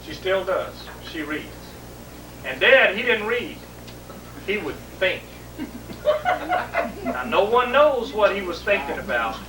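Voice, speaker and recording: High-voiced man telling a story. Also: slow, long pauses. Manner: animated, repetitive, comic timing. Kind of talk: humorous family storytelling to an audience. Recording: echoey room, distant mic, noisy.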